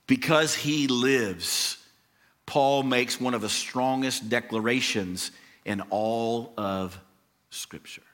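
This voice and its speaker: A male pastor preaching a sermon, reading scripture and swinging between hushed, measured lines and loud, emphatic declarations. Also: medium pitch.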